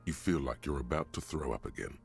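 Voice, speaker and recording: A man narrating a game in a grave, measured, gravelly voice. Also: extremely low pitch, animated, faint music behind, heavily acted.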